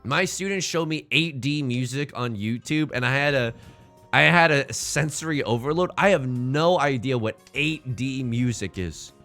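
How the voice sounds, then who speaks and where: A man's voice: medium pitch, moderate pace, faint music behind. A man streaming, chatting casually and jokingly with viewers while playing a game. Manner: rambling, jokey, animated asides.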